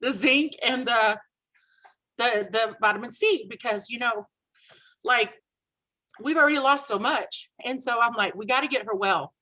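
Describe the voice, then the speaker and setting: A woman casually telling a personal story on a video call, animated and acting out the dialogue she quotes. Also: a little high, a little slow, long pauses, low-quality recording. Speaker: guest sharing a testimonial.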